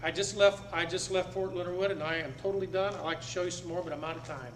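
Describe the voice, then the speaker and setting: A middle-aged man gives a live talk to a seated audience in a meeting room, speaking fast in a high, fairly bright voice with fairly even intonation. He's blunt and emphatic, repeating points to hammer them home. The room echoes and there's faint background noise.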